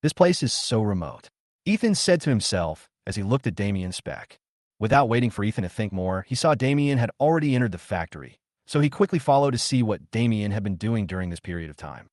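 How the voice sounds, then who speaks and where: Low-voiced man narrating a comic recap. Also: fast talker, no echo, studio quality. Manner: steady storytelling read. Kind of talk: scripted story narration.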